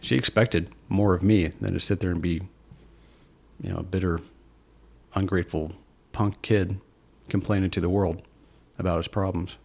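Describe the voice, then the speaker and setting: A man's voice: deep voice, steady tone, normal speed, vocal fry, long pauses, darkish tone. A man from Seattle, a podcast guest, candidly telling his personal story in an earnest, self-deprecating, reflective way. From Seattle, USA.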